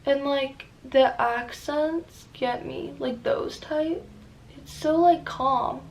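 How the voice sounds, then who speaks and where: A young woman rambling casually in a makeup vlog, profane and excitable with lots of fillers, recorded on a camera mic at home. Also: high voice, takes it slowly, highs cut off, slight background noise. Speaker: beauty vlogger.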